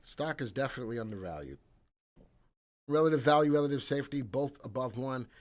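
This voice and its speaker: A man hosting a casual live stream about the stock market, thinking aloud and answering viewers by name, getting loud and excited when he reacts to the chat. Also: medium pitch, a little fast.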